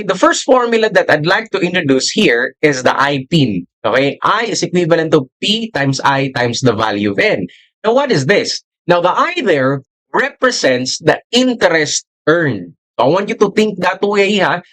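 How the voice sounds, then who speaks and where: A man's voice: a little high, a bit bright, low-quality recording. A Filipino man with a Filipino accent, teaching a recorded math lesson, mixing in Tagalog and checking with "okay?" after each point. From Philippines. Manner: mixes English with Tagalog, often asks "okay?".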